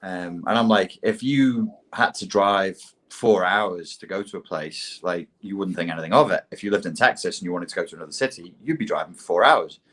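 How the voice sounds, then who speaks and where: A British man co-hosting a casual podcast chat, telling animated, self-mocking stories. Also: low-pitched, fairly quick, few pauses. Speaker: podcast co-host.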